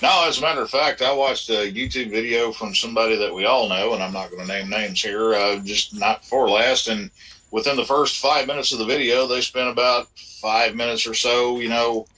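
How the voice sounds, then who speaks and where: A man's voice: mid-range voice, fairly even intonation, brisk, bright, forceful tone. A man chatting casually on a live show in a laid-back, agreeable way. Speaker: panelist on a live chat show. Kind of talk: casual chat. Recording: voice distant from the mic.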